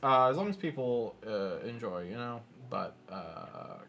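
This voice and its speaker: A man streams himself programming, muttering away, scolding his code, and turning to joke and laugh with viewers in a self-mocking, casual chat. His voice is medium-pitched, sing-song and unhurried, with vocal fry and a fairly bright tone.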